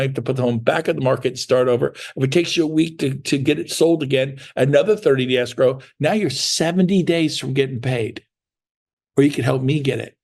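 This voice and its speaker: A man's voice: medium pitch, creaky, a little mellow. A middle-aged man giving a motivational sales training talk in an emphatic, repetitive, hard-selling way. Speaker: real estate sales trainer.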